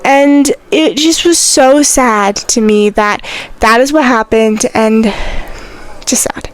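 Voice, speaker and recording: A woman's voice: fairly high pitch, takes it slowly, slight background noise. A young woman hosting her own podcast, chatting casually and getting worked up, with plenty of "like" and "I'm sorry". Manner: animated and indignant, lots of "like" and "I'm sorry". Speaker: podcast host. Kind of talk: casual solo podcast chat.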